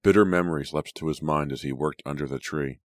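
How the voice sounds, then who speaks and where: A man narrating an audiobook in a slow, measured and grave manner. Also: very deep voice, dry recording, studio quality. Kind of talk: scripted dramatic narration.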